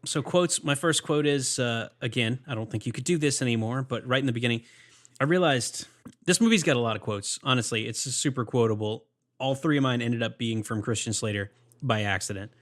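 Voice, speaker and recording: A man's voice: mid-range voice, brisk, a bit bright. A man co-hosting a casual movie podcast, easygoing as he runs through cast lists and favorite quotes. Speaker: podcast co-host.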